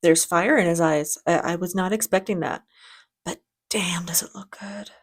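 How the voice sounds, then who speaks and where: A woman's voice: on the low side, moderate pace. A woman hosting a reaction video, giving casual commentary in a chatty, enthusiastic way with frequent restarts.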